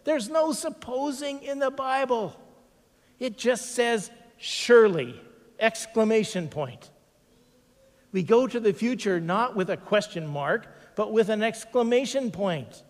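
A man preaching a sermon as pastor, emphatic, slowing down to stress repeated phrases. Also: sits high, expressive, in a large hall.

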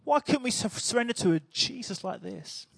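A man's voice: extremely high pitch, expressive, moderate pace, vocal fry, breathy edge, dry recording, clean studio sound. A man preaching a sermon in a chatty, humorous storytelling way.

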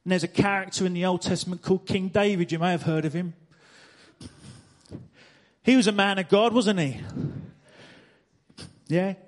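Preaching a sermon from a church stage, a man whose voice sits notably high speaks at normal speed with long pauses. He drives home each point by repeating phrases and challenging the congregation with rhetorical questions.

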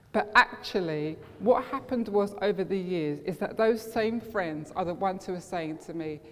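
A woman preaching a sermon, telling personal stories in an earnest way and acting out what her friends said. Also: medium pitch. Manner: personal storytelling, earnest, acts out quoted friends. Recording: reverberant hall.

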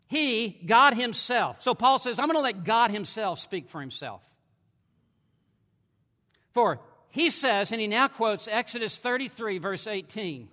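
A man preaching a sermon at a conference, emphatic, swinging between forceful declarations and hushed asides. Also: very high-pitched. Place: large conference hall. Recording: long hall reverb.

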